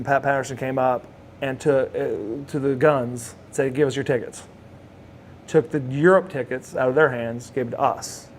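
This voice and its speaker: With slight background noise behind his mid-range voice, a middle-aged man with a Southern US accent rambles through anecdotes. He's a former wrestler being interviewed casually, and he restarts phrases and laughs now and then.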